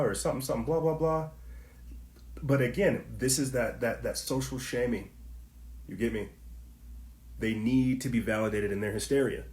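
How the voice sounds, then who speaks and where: A man delivers a heated commentary monologue on his podcast, preachy and repetitive, talking straight at his listeners. His voice sits at an ordinary middle pitch. The room around him is echoey. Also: darkish tone. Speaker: podcast host.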